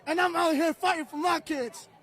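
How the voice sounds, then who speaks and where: A man protesting on a city street, angry and shouting, repeating himself. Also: very high-pitched, steady tone, normal speed. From outside the United States. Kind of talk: impassioned street interview. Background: crowd.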